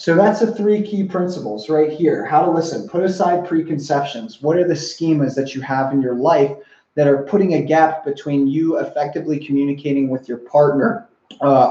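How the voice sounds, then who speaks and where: A man's voice: fairly high pitch, warm tone, roomy sound, dull audio. A young adult man, a relationship coach, teaching listening skills in an earnest, repetitive way and often putting questions to the viewer. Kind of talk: whiteboard-style teaching talk.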